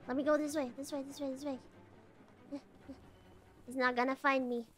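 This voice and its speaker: A woman's voice: sits high, normal speed. A woman streaming a game from home, chatting casually and shrieking whenever she gets startled. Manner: excitable, jumpy, shrieks when startled. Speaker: VTuber streamer. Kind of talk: casual gameplay commentary.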